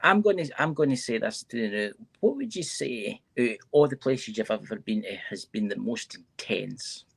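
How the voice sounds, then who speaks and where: A male interview host with a gravelly, fry-laden voice that also sounds husky. He talks eagerly and says the same thing twice to drive his point home. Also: mid-range voice, lively intonation, moderate pace, hardly any pauses. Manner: eager, repeats himself for emphasis. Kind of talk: casual interview chat.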